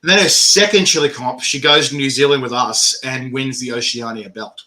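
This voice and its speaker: A man hosting a casual interview, animated, laughing often and swearing freely. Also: mid-range voice, normal speed. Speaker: host.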